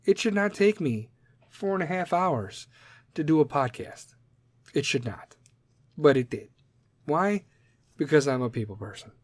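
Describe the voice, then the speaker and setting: Brash, profane podcast host. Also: male voice, a little high, expressive, normal speed, no echo. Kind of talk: casual podcast monologue.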